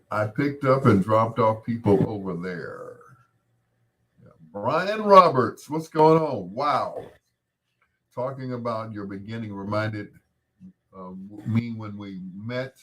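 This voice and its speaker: A man around 60 hosting a casual chat, rambling in a relaxed way and greeting viewers by name. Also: lowish voice, unhurried, slight background noise. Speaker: host.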